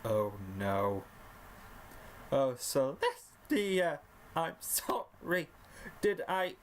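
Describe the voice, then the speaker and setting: High squeaky filly voice, young girl pony, sweet, put on by a man reading aloud. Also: very animated, extremely slow, slight background noise, full character voice. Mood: distraught.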